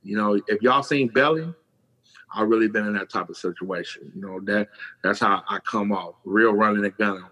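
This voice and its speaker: Husky middle-aged man telling street stories. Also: on the low side, normal speed, rough recording. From California. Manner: animated storyteller, acts out quoted voices, swears freely. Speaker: podcast guest. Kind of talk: casual storytelling.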